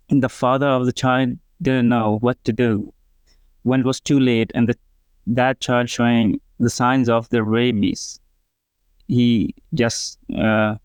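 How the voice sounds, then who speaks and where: A man working as a veterinarian, answering in in a slow, earnest way with many pauses. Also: mid-range voice, smooth, dry recording. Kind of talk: interview answer.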